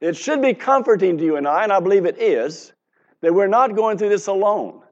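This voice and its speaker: A man's voice: sits high, animated, brisk, muffled recording. A man in his seventies preaching a sermon in an earnest, conversational way, asking the congregation questions.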